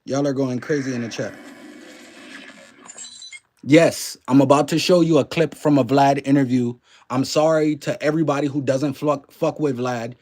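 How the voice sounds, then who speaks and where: A man's voice: on the high side, a little mellow. A man with a mixed New Orleans and Canadian accent hosting a live stream, loose and chatty, swearing freely and greeting viewers by name. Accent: mix of New Orleans and Canadian. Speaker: livestream host. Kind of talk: casual live-stream commentary.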